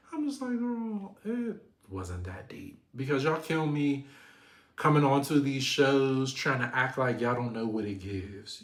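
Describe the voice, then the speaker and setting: A man hosting a reality TV recap, talking in a sassy, animated way and acting out the cast in high voices. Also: roomy sound. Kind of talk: casual recap commentary.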